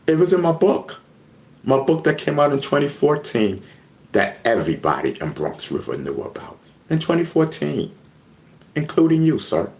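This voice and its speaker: Animated New man ranting on a stream. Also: on the high side, normal speed, low-quality recording. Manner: rambling, repeats words, talks straight to chat. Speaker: hip hop news host. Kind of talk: casual live-stream commentary.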